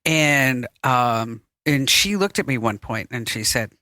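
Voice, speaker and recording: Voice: medium pitch, expressive, a little slow, bright, forceful tone, no echo, studio quality. A talk show co-host chatting casually, rambling with lots of fillers. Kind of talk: casual radio show banter.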